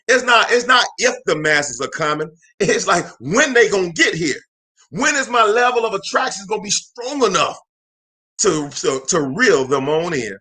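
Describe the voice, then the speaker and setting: A motivational speaker and show host talks live by himself in a room, his voice on the high side and a little fast. He is energetic and emphatic, repeating phrases and calling out to viewers like a preacher.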